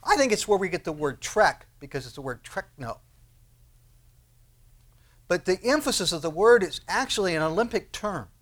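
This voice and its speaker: A man preaching a sermon in a conversational, animated way, acting out prayers and asking rhetorical questions. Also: high voice, normal speed, long pauses. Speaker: pastor.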